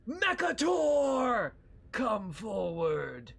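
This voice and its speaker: Man voicing Triclops, booming grandiose villain. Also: huge pitch swings, extremely slow, vocal fry, fairly bright tone, slightly rough, shouting, heavily acted. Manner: booming, theatrical proclamations. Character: grandiose villainous male three-eyed cult leader.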